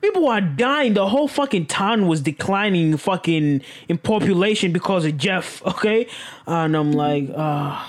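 Casual show recap, profane, exclamatory, animated, sudden high pitch leaps. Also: unhurried.

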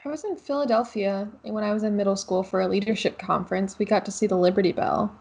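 A woman's voice: mid-range voice, fairly even intonation, fast, vocal fry, darkish tone, breathy edge. A young woman co-hosting a podcast, chatting casually with wry jokes and giggles. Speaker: podcast co-host. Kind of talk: casual chat.

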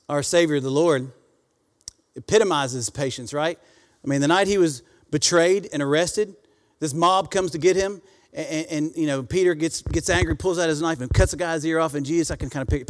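A man preaching a sermon to a congregation, calling out for responses and reading scripture aloud. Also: on the high side. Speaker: pastor. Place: church sanctuary. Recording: church hall reverb.

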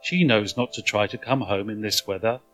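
Storybook father, calm and soothing, bright tone, read by a man. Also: on the low side, moderate pace, faint music behind, close to an everyday voice. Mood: reassuring.

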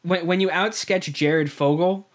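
A man's voice: high voice, steady tone, measured pace. A man co-hosting a casual movie review podcast, talking things through with repeated words and chuckles. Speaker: podcast co-host.

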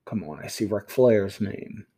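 A man hosting a show, casually talking himself through a game, swinging between loud outbursts and quiet muttering. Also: lowish voice, a little slow, slightly rough. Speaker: podcast host. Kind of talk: casual live commentary while playing a game.

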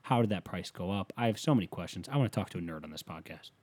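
A man's voice: sits low, expressive, fast, darkish tone, husky. A man hosting a solo podcast, ranting in a rambling, profane way, with a slight lisp on his s sounds. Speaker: podcast host.

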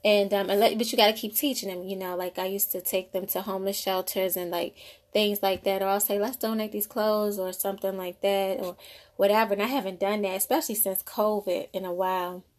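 A woman's voice: medium pitch, steady tone, fairly quick, darkish tone. A woman in her thirties, a mother of two, talking casually about parenting and faith in a rambling, conversational way. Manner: conversational, rambling, frequent "you know". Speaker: mother sharing parenting thoughts. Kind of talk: casual faith-based monologue.

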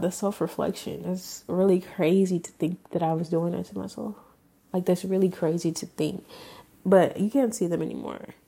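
Woman, 20s, podcast host. Low, mellow, gravelly voice. Candid, casual storytelling with swearing and halting pauses. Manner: frank and raw, casual with profanity, halting pauses. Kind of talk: candid personal storytelling monologue.

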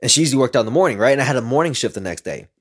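A man's voice: mid-range voice, racing, slightly rough. Rambling, profane young man telling stories. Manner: rambling, profane, animated when retelling. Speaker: speaker sharing personal stories. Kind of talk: casual storytelling monologue.

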